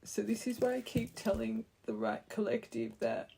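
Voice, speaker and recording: A woman's voice: medium pitch, very animated, moderate pace, gravelly, few pauses, dark tone, husky. A woman giving an earnest, heartfelt tarot reading, speaking straight to the viewer and rambling with fillers. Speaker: tarot reader. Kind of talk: intuitive tarot reading to camera.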